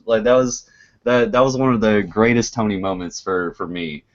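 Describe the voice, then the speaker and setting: Brief: man, mid pitch, animated storyteller who swears freely, slightly dull lo-fi audio. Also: normal speed. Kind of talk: casual chat.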